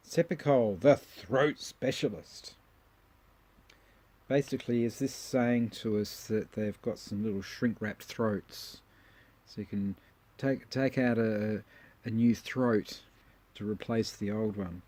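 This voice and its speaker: Casual host, man, wry humor, mellow husky voice. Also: fairly low pitch, slow, dry recording. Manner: wry, joking asides, chuckles often. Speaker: host reviewing old magazine adverts. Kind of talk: casual commentary.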